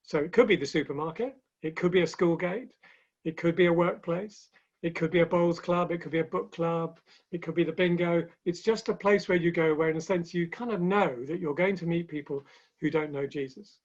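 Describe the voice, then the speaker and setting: Over dull, lo-fi online call audio, a man speaks as a guest in a webinar conversation. His voice is fairly high and fairly quick, and he tells stories chattily with light humor.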